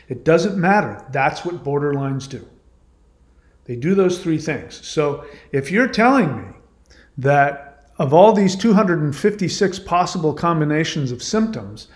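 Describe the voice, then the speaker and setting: Man, channel host, talking monologue, emphatic, argumentative, raised pitch, roomy echo. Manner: emphatic, argumentative, repeats points. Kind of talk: monologue responding to a viewer comment. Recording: echoey room.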